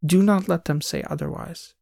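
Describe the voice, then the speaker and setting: Brief: narrator putting on a jumpy Eastern European station guide, higher voice, broken English, urgent hush. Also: male voice, fairly even intonation, normal speed, creaky, dry recording, clean studio sound. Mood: urgent secretive. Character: nervous secretive male station guide.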